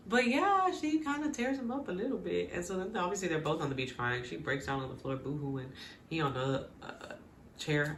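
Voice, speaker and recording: A woman casually recapping a TV episode with lively, animated reactions, quoting the characters and laughing often. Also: fairly low pitch, reverberant, slight background noise. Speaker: recap vlogger.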